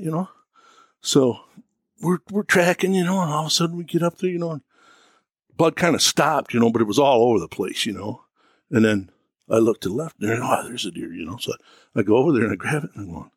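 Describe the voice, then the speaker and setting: A man with an American accent co-hosting a hunting podcast, telling a story with lively acted-out quotes and frequent laughter. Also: medium pitch, fast, slightly rough, no room sound, clean studio sound. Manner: animated storyteller, acts out quotes, laughs often. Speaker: podcast co-host. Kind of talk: casual storytelling chat.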